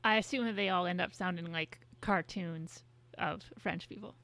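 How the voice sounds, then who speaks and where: A woman's voice: on the low side, moderate pace, sharp tone. A woman co-hosting a podcast, telling stories in a rambling, exasperated casual way. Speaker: podcast co-host. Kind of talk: casual chat.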